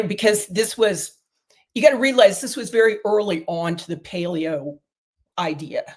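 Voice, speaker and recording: Her voice runs on the low side at a moderate pace. She's a middle-aged diet protocol developer guesting on an interview, casually telling drawn-out stories with lots of fillers and restarts.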